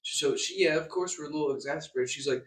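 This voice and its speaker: Fast-talking young man ranting, roomy echo. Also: fairly high pitch, a bit bright. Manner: agitated, swearing, stammering repeats. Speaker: vlogger. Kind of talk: angry storytime rant. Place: hotel room. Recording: echoey room, distant mic.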